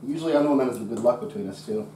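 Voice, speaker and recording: A man's voice: mid-range voice, animated, racing, dark tone. A man co-hosting a casual unboxing vlog, joking around, swearing casually and exaggerating his complaints. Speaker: co-host unboxing a computer. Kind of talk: casual chat. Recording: echoey room with faint noise.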